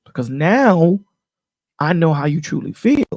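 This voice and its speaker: A man with a gravelly, husky voice, pitched a little high and dark in tone. He talks in a casual, preachy way and keeps checking in with his listener. The sound is dry and close, like a voice call. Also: sing-song, measured pace, no room sound. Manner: preachy, emphatic, repeats "you know what I'm saying". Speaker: channel host on a panel call. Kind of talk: casual chat.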